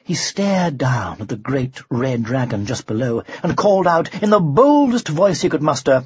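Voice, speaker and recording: A narrator reading a storybook aloud in an expressive way with varied pacing. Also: medium pitch, normal speed, few pauses, slightly rough, dry recording. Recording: dull lo-fi recording.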